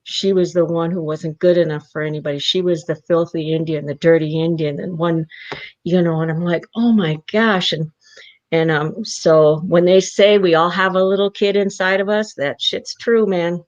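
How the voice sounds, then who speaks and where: A woman's voice: on the low side, moderate pace. A woman from South Dakota, a guest on an interview show, telling a personal story and acting out the voices of the people in it. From South Dakota, Rosebud Reservation. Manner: animated storyteller who acts out the voices in her anecdotes. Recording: muffled lo-fi audio.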